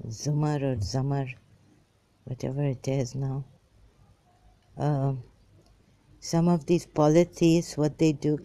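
A woman's voice: a bass voice, fairly even intonation, slow pace, long pauses, warm tone. A woman giving an informal, rambling religious talk, reading verses aloud and commenting on them with many fillers and restarts.

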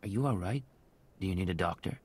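An actor playing a composed spy agent in a video game, calm and terse with a husky voice. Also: male voice, low voice, fast, big-room sound. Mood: cool.

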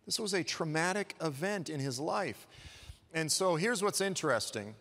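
A man's voice: animated, normal speed, a bit bright, big-room sound. A man preaching a sermon in a church, retelling a Bible story in a casual, conversational way and acting out the quotes. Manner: conversational, acts out quotes with shifts in pitch and pace. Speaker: guest preacher.

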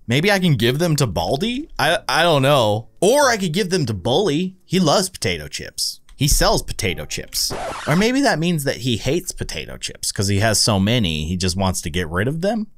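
Animated man reacting to a horror game. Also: medium pitch, moderate pace, soft background music. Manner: excitable, gasping and laughing at scares. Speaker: gaming video host. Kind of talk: let's-play commentary. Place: home with his young son nearby.

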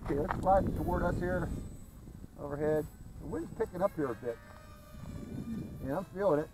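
A man whose voice is fairly high chats to viewers, calling them folks, as he hosts a hobby video about flying a model plane outdoors at a flying field. His casual flight-test commentary comes at a moderate pace over a noisy background.

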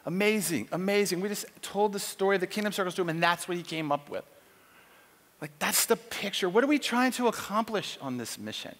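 High-voiced man preaching in a reverberant church. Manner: animated storytelling, acts out characters' voices. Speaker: conference speaker. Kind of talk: conversational sermon. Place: church auditorium. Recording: long church hall reverb.

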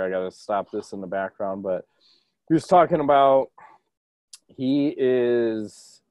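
Excitable, profane podcast host. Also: male voice, medium pitch, no room sound. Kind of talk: casual podcast chat.

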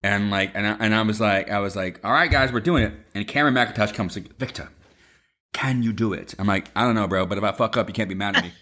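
A man telling a lively story to his mother over a video call, swearing freely and acting out quotes. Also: lowish voice, quick pace. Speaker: son, former Broadway performer.

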